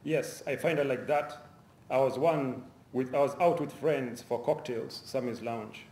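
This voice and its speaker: A man voicing a composed, aloof male professor in a read-aloud story, speaking calm, clipped, broken English. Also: mid-range voice, unhurried, natural voice. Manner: calm, dismissive. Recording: roomy lecture hall echo.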